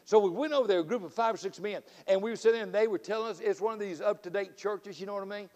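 A middle-aged man from Florida with a Southern accent preaching a folksy, fiery revival sermon, telling stories and swinging between loud outbursts and quiet asides. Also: high-pitched, rapid-fire. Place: church sanctuary. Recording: long reverb of a church sanctuary.

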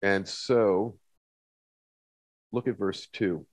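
A man's voice: fairly low pitch, steady tone, very slow. A man teaching a Bible lesson in a conversational way, often repeating words and reading scripture aloud with emphasis. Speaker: pastor.

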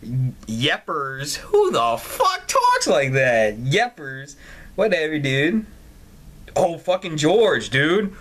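A man's voice: fairly high pitch, wildly swooping pitch, takes it slowly, a bit bright. A man playing a mobile story game, giving casual, profane, mocking commentary and often laughing. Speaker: gaming channel host. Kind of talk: casual let's-play commentary.

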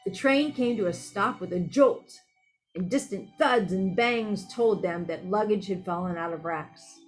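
Woman, storybook narration, expressive, mid-pitched, occasional self-corrections, faint music underneath. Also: a little slow. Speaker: audiobook reader.

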